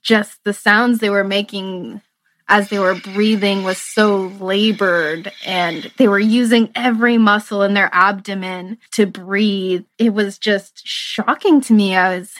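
A woman's voice: medium pitch, fairly even intonation, measured pace, fairly bright tone, dry recording. A young woman in her twenties, a medical student, telling a personal story in an earnest, reflective way and laughing through its emotional moments. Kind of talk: casual conversational storytelling.

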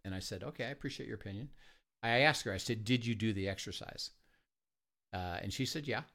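A man leading a ministry, telling a story in conversation, earnest and halting, with many fillers and restarts. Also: on the low side, bright, forceful tone. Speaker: ministry leader.

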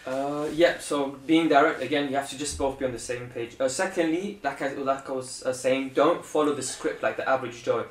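A young man, co-hosting a casual chat and talking loudly with a lot of laughing. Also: mid-range voice, fairly quick, few pauses. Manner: loud, laughing, animated. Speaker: podcast co-host. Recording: roomy echo, a bit far from the mic.

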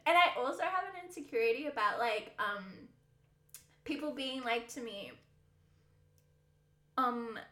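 A woman's voice: on the high side, a little slow, pauses often, pushed and bright, echoey room. A young woman co-hosting a podcast, chatting animatedly, swearing and laughing often. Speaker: podcast co-host. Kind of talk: casual chat.

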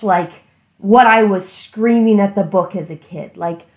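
A woman in casual book discussion, ranting animatedly and acting out what she shouted at the book. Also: medium pitch, measured pace, echoey room, low-quality recording. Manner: animated ranting, acting out her younger self. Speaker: podcast co-host.

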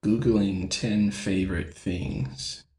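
A man's voice: sits low, steady tone, takes it slowly, dark tone. A man bantering on a live comedy stream, incredulous and exclaiming. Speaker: reader and player on a comedy show. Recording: roomy echo.

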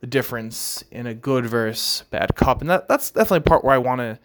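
A young man from Long Island with a New York accent, hosting a casual solo podcast in a relaxed, chatty way full of "uh", "you know" and "right?". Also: medium pitch, quick pace. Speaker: podcast host.

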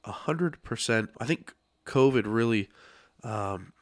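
A man's voice: mid-range voice, lively intonation, slow pace, no echo. A man hosting a podcast studio chat, upbeat and encouraging, his voice a little worn as he loses it. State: losing his voice. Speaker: podcast host.

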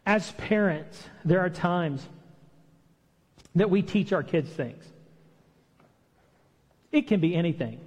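A man's voice: sits high, expressive, unhurried, long pauses, darkish tone, breathy edge, big-room sound, dull audio. A man preaching a sermon in a conversational way, acting out the lines he quotes. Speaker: pastor. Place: church hall.

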